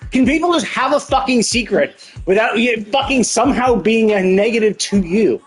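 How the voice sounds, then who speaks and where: A man's voice: high voice, animated, brisk, husky, faint music behind. A man streaming a game live, ranting in exasperation and swearing constantly about the story. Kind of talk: live gameplay commentary.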